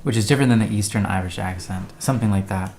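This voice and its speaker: A man's voice: fairly low pitch, quick pace, creaky, darkish tone, a little hiss or hum. A man co-hosting a casual livestream, telling stories and reading viewer messages aloud. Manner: chatty storyteller, reads viewer messages aloud. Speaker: co-host.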